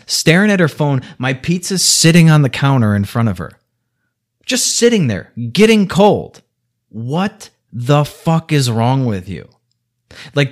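Angry man on a profane rant. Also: mid-range voice. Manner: angry, heavy swearing, sarcastic.

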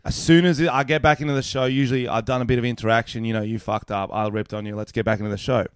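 A man's voice: mid-range voice, fairly even intonation, quick pace, clean tone, no room sound, clean studio sound. A young Australian man, a stand-up comedian, telling a story in casual podcast chat, swearing a lot and acting out both sides of the exchange.

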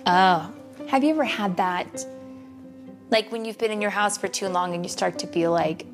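A woman's voice: medium pitch, normal speed, music in the background. A woman reading a picture book aloud to children, stopping often to chat and explain. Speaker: storyteller.

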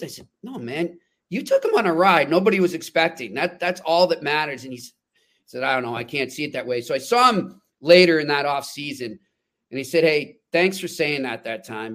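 A man co-hosting a sports podcast, telling stories in an animated, emphatic way. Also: on the high side. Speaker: podcast co-host. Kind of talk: casual sports chat.

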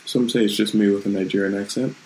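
In a casual vlog live-streamed from his room at home, a man hosting his own channel talks in a loose, rambling, reflective way. His voice is low, steady, and mellow, he speaks fast, and the recording is rough.

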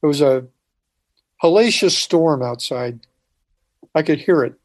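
A man telling a personal story in conversation, halting with frequent restarts and dropping quiet at moments. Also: on the high side, expressive. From United States. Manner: halting, restarts often, quiet when recalling. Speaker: speaker telling his life story.

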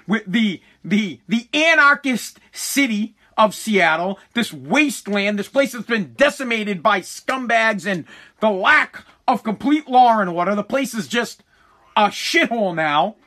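A man's voice: sits high, lively intonation, a little slow, bright, forceful tone. A man hosting a podcast, ranting heatedly with profanity and frequent restarts. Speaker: podcast host. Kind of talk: ranting political commentary.

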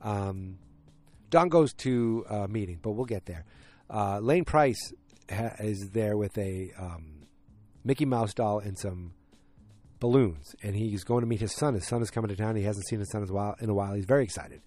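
A man's voice: lowish voice, normal speed, darkish tone. A man hosting a solo podcast, recapping a TV series in a casual, rambling way with frank, loose swearing.

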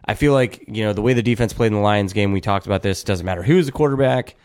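A man's voice: on the low side, quick pace, darkish tone, clean tone. A drunk man co-hosting a podcast, rambling in casual sports chat with lots of fillers. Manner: rambling, hedges with lots of likes and I means. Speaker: podcast co-host.

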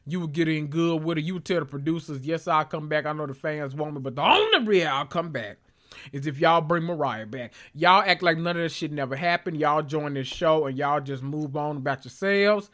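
A man's voice: on the high side, fairly quick, a bit bright. Sassy, rambling podcast host man. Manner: sassy, profane, rambling with asides and self-interruptions. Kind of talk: casual reality-TV recap chat.

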